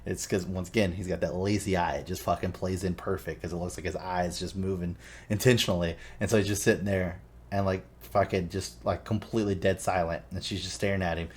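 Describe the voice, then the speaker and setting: A man co-hosting a casual chat, rambling and swearing a lot as he retells film scenes with animated energy. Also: deep voice, brisk, slightly rough. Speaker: podcast co-host.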